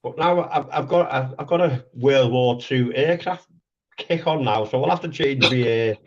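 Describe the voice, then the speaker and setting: A man's voice: medium pitch, moderate pace, dull audio. A man co-hosting a live stream, chatting casually, blunt and swearing. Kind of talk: casual chat.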